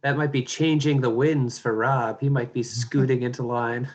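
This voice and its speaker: A man playing a tabletop game, talking in hesitant, quick bursts. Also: mid-range voice, steady tone, slight background noise. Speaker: player. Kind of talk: casual tabletop role-play.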